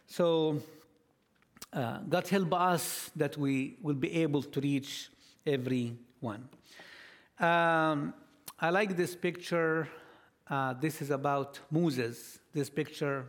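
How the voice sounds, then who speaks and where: Guy talking at church about missions, kinda high voice, stumbles and repeats words a lot. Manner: halting, repeats words, reads scripture slowly and emphatically. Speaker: missionary speaker.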